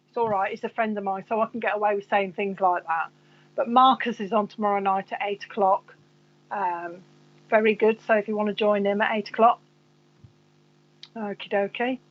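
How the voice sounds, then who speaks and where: A chatty, rambling woman from Coventry hosts a lo-fi live stream of psychic readings and chat, often talking to herself. Her Coventry-accented voice runs a little high.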